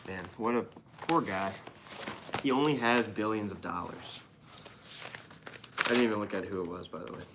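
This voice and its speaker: A man's voice: fairly low pitch, normal speed, long pauses, background noise. A man reads news headlines aloud and riffs on them as host of a casual show. He is irreverent and sarcastic, swearing freely as he comments. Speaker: podcast host reading the news.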